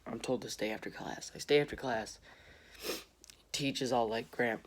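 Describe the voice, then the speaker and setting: A man's voice: medium pitch, normal speed, a little hiss or hum. A young man telling a casual story to camera, rambling with frequent restarts and acting out what others said. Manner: rambling, restarts often, acts out quotes. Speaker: vlogger.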